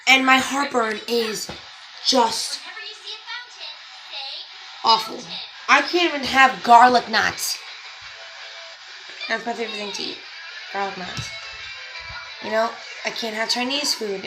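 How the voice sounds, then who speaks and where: A young woman vlogger telling a story in a casual, animated way, acting out what others said in her own voice. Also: on the high side, slow pace, long pauses, rough recording. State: pregnant. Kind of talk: casual story-time chat to camera. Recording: faint music behind.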